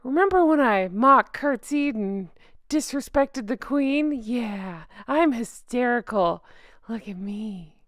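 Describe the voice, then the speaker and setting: A woman's voice: on the high side, animated, no room sound, clean studio sound. Snarky woman doing mocking commentary. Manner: mocking, snarky, drawn-out catchphrases. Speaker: commentary channel host. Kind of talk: sarcastic mock first-person commentary.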